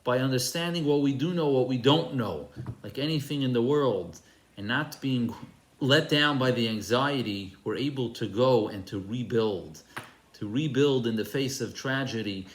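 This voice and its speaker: A man's voice: medium pitch, moderate pace, a little hiss or hum. A man, a rabbi, giving an earnest, emphatic sermon with storytelling. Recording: roomy echo.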